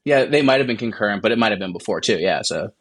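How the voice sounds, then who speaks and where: Male co-host, low husky voice, thoughtful casual chat. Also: lively intonation, fast talker, a bit bright. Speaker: podcast co-host.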